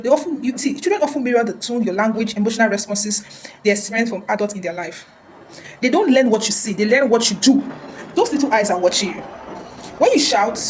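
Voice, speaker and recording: A woman's voice: mid-range voice, a little hiss or hum, poor audio. A woman counselor giving earnest advice in a casual talk, often repeating words and restarting.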